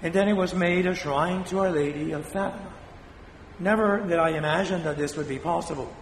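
An older man from Spain, a priest preaching a sermon in a blunt, scolding way with dramatic pauses, his voice still weak after a fall. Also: sits high, slight background noise. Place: church. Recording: echoey hall from a distance.

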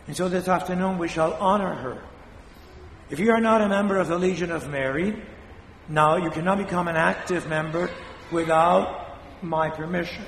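An older man from Spain, a priest preaching a sermon in a blunt, scolding way with dramatic pauses, his voice still weak after a fall. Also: on the high side, a little hiss or hum. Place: church. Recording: echoey hall from a distance.

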